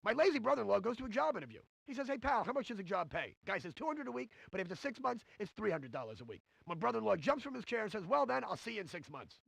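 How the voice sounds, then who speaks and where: Cheesy game stand-up comic: high, bouncy, gravelly, rapid-fire hammy delivery, dry close mic. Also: male voice, very animated, a bit bright, dry recording, full character voice. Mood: joke-telling. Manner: brash, hammy joke delivery. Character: cheesy stand-up comedian man, brash and corny. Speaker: game's recorded comedian. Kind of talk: 1990s CD-ROM stand-up comedy routine.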